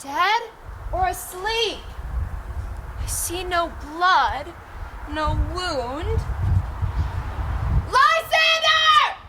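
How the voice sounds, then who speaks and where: A woman's voice: extremely high pitch, lively intonation, very slow, long pauses, heavily acted. A woman playing Helena, a lovesick noblewoman. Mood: anxious. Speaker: stage actor. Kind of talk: outdoor Shakespeare stage acting. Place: outdoor town square. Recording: outdoor performance with background noise.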